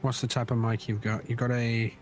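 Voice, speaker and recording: A man's voice: medium pitch, little pitch movement, brisk, a little mellow, faint music behind. A man on a voice call, talking in a rambling, joking way about his setup through a directional desk mic. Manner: rambling, jokey, self-mocking. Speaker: friend on a voice call. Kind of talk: casual livestream chat. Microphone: directional desk mic over voice chat.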